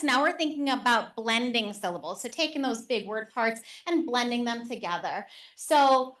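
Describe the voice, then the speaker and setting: A woman teacher and reading specialist giving a live workshop to parents and educators in a session room. She speaks in an animated, conversational way with frequent "um" fillers. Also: fairly high pitch.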